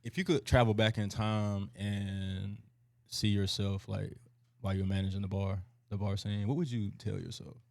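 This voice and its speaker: A man with a very deep voice hosts a podcast in easy, slangy conversation. He keeps things upbeat, and the sound is dry and close. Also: fairly even intonation, normal speed, creaky, darkish tone, dry recording. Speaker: podcast host. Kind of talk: casual interview chat.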